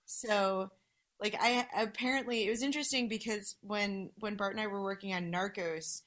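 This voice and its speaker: A woman on a podcast, talking bluntly. Her voice sits in an ordinary middle pitch. She swears casually, and her points come in quick, emphatic bursts. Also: fairly even intonation, a bit bright. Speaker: guest.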